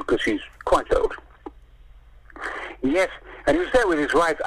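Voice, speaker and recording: Telling animated show-business anecdotes as an interview guest, an older man swears freely and acts out the voices of those in his tales. His fairly high, fairly bright voice is husky and very animated, a little slow with long pauses. The recording quality is low.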